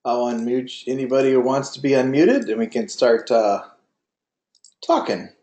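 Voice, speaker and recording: A man's voice: medium pitch, animated, moderate pace, warm tone, echoey room. Folksy man lecturing with many fillers. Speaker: drone pilot test prep instructor. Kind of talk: online class lecture with a told joke. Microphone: video call.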